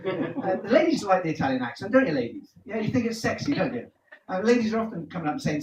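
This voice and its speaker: A high-voiced stand-up comedian runs through his set, pitch leaping as he delivers punchy jokes and quizzes the audience. He's very animated and quick, captured from a distance in a live venue with echo and clear background noise.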